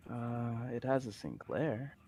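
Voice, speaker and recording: A man running a tabletop game as game master, narrating and answering players in a slow, measured way. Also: mid-range voice, very animated, mellow.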